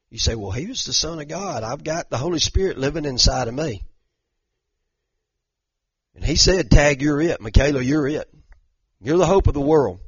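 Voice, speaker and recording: An older man, teaching a conversational sermon as a pastor in a folksy, animated way that rises to emphatic bursts. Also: mid-range voice, normal speed, pauses often, slightly rough, dry recording, highs cut off. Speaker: pastor teaching a Bible study.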